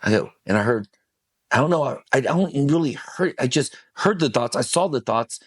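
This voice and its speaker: A man's voice: mid-range voice, animated, normal speed, breathy edge, no room sound. A man guesting on a podcast, telling an intense personal story with emphatic, profane speech. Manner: intense, emphatic, swears freely.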